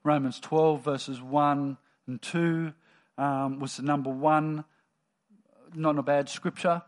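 Conversational male preacher, slightly high voice. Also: takes it slowly. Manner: conversational, lively storytelling. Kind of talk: sermon.

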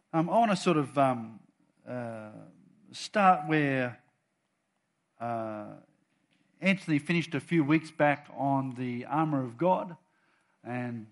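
A man preaching to his church, moving between soft chatty asides and loud, bold readings of scripture. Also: medium pitch. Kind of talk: sermon.

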